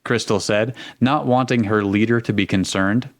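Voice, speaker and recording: A man's voice: on the low side, steady tone, moderate pace. A man narrating and hosting a comedic fanfiction table read, reading plainly between jokes. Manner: plain narration broken by laughter and joking. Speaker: narrator and host.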